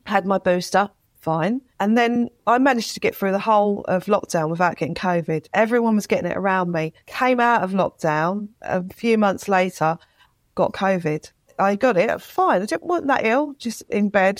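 A woman's voice: mid-range voice, no echo. A woman, a writer speaking as an interview guest, retelling her experience with feeling and acting out quotes. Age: 50s. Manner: emotional, animated retelling with acted-out quotes. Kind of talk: candid interview talk.

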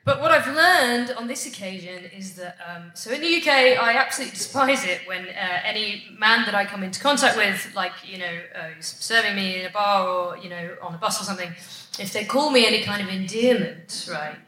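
A woman's voice: mid-range voice, brisk, bright, forceful tone. A woman, a guest musician, chatting on a live comedy stage and telling anecdotes with plenty of giggles. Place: theatre stage. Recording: distant, echoey, noisy live theatre sound.

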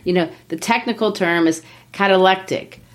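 A woman's voice: fairly low pitch, moderate pace. A woman co-hosting a podcast, casually and enthusiastically explaining a play, tapping out rhythms aloud as she talks. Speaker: podcast co-host. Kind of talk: casual explanatory chat about literature.

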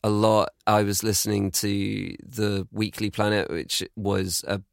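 A man's voice: fairly low pitch, flat delivery, vocal fry, no echo, studio quality. A man, guest on a podcast, chatting in a joking, teasing way. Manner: joking, teasing, quick laughs. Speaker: podcast guest and co-host of his own show. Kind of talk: casual chat.

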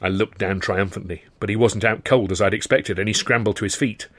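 A man's voice: fairly low pitch, fairly even intonation, brisk, fairly bright tone, no echo. A man reading his own comic novel in the first person, in a wry, dryly comic storytelling manner. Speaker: author and reader.

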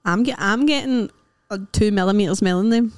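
A woman's voice: medium pitch, no echo. Scottish woman, playful podcast co-host. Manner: playful, insistent, quick to laugh. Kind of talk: casual chat.

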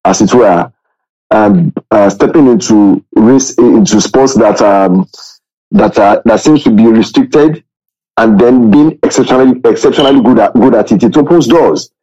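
A man co-hosting a sports podcast, making his points haltingly with many fillers and restarts. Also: medium pitch, dark tone, breathy edge. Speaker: podcast co-host. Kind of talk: casual sports podcast chat. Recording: dull lo-fi sound.

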